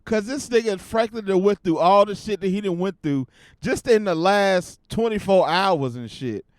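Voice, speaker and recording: A man hosting his own podcast, giving casual commentary in a profane, animated rant. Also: high voice, normal speed, no echo, studio quality. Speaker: podcast host.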